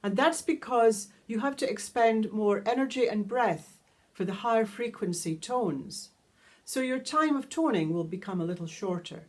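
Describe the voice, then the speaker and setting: A woman teaching a guided vocal toning lesson, calmly explaining each step and singing long vowel tones. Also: on the high side, moderate pace. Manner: calm, instructive, demonstrates sustained vowel tones. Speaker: sound healing teacher.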